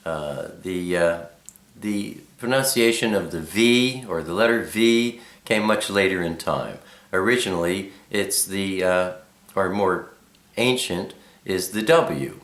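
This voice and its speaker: A middle-aged man explaining Hebrew letters and names slowly, with many ums and uhs. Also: sits low, fairly bright tone, roomy sound. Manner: slow, thoughtful explanation. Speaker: Bible teacher.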